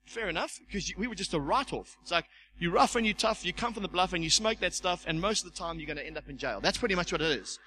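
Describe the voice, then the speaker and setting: Animated preacher man. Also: sits high, quick pace, slight background noise, low-quality recording. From South Africa. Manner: animated, repeats words, acts out quoted voices. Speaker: pastor. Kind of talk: sermon.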